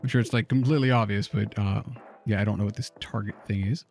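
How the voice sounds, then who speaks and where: A man's voice: fairly low pitch, steady tone, quick pace, vocal fry, darkish tone, faint music behind. A man co-hosting a casual game stream, chatting and thinking aloud as he plays. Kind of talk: casual let's-play chat.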